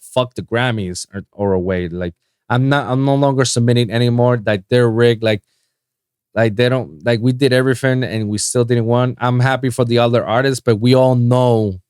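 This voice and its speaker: A man from Puerto Rico hosting a solo podcast, ranting in a casual, profane way that swings between loud outbursts and low mutters. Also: smooth, no room sound, studio quality. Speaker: podcast host.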